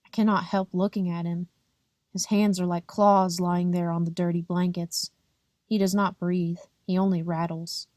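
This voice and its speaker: A woman narrating a first-person audiobook in a plain, measured, unhurried reading. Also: fairly low pitch, level tone, darkish tone, no room sound, clean studio sound. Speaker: audiobook reader.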